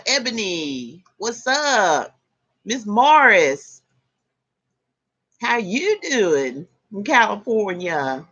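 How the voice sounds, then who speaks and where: A woman's voice: medium pitch, very animated, extremely slow, fairly bright tone, slightly rough, muffled recording. A woman hosting a casual livestream from a room at home, chatting, laughing often and greeting her viewers by name. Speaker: tarot reader hosting a livestream. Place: indoor room with air conditioner and fans.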